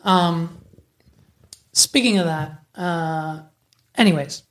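A young adult woman hosting a casual podcast, chatty and quick to tell stories, swearing freely. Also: fairly low pitch. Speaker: podcast host.

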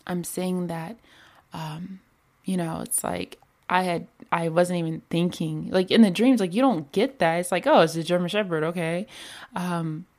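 A woman's voice: lowish voice, steady tone, a little slow. A woman hosting a podcast, talking in a rambling, casual way with many fillers. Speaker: podcast host. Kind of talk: casual spiritual podcast monologue.

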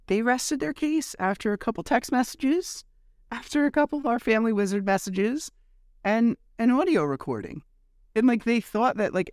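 A podcast host retelling events in a casual, animated, sarcastic way, swearing freely. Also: male voice, high-pitched, no room sound, clean studio sound. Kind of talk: casual storytelling recap.

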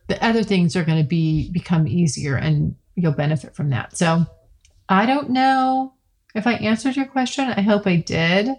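Frank, chatty woman podcast host. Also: medium pitch. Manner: frank and chatty, rambling with restarts. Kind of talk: casual solo podcast talk.

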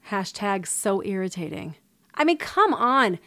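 A woman's voice: medium pitch, expressive, a little slow, fairly bright tone. A woman giving opinion commentary in a sarcastic, indignant way.

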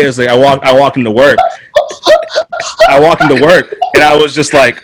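A young man from North Carolina telling stories in casual chat, animated, laughing often and swearing freely. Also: mid-range voice, moderate pace, low-quality recording.

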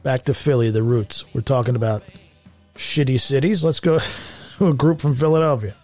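A man's voice: mid-range voice, normal speed, darkish tone, soft background music. A man hosting a show, reading news stories and riffing on them sarcastically, laughing often at his own jokes. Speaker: radio show host. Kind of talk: comedic news commentary.

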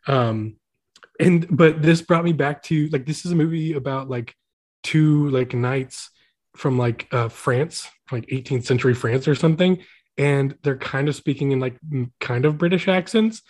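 A man's voice: mid-range voice, normal speed, a little mellow. A man hosting a casual chat, rambling with lots of filler words. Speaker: podcast host.

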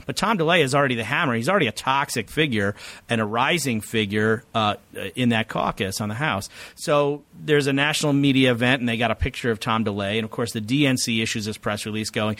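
Male author guest, rapid lecturing delivery, dry close sound. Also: medium pitch, a bit bright, dry recording. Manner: fast, lecturing, piles up long explanations. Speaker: author and political scientist guest. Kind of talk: podcast interview answer.

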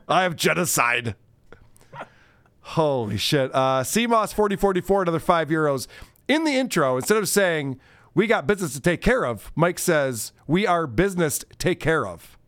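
A man's voice: on the high side, big pitch swings, moderate pace, a bit bright, no room sound, clean studio sound. Laughing, teasing male podcast host. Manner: laughs often, profane, teasing. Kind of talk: casual chat, reading viewer messages.

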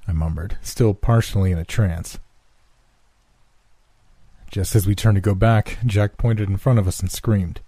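A man narrating a scripted horror story in a measured, hushed storytelling manner on a close mic. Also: lowish voice, no room sound.

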